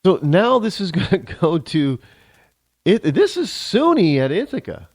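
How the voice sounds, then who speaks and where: A man's voice: high-pitched, big pitch swings, a little slow, no echo, studio quality. A male talk show host delivering a sarcastic, ranting opinion monologue, switching into mock voices.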